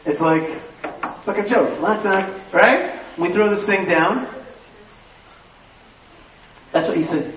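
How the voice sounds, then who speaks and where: A man telling stories to a live audience, animated, repeating phrases and quizzing the crowd. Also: sits high, slow pace, pauses often. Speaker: speaker addressing an audience. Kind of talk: lively storytelling talk. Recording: echoey room, far from the mic, faint hiss.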